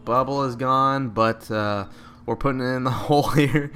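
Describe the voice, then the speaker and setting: A man giving live, joking commentary over a video game, with excited outbursts at each shot. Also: medium pitch, moderate pace. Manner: excitable, joking, bursts out at shots. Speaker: gameplay commentator.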